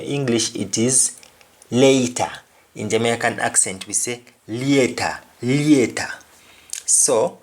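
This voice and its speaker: Slow, deliberate male language teacher. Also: medium pitch. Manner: slow, repeats each word and phrase. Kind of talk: explaining vocabulary with examples.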